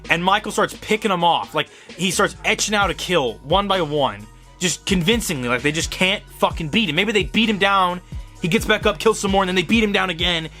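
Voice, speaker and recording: A young man hosting a show, giving a profane, rambling, excitable fanboy review of horror movies. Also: sits high. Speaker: host.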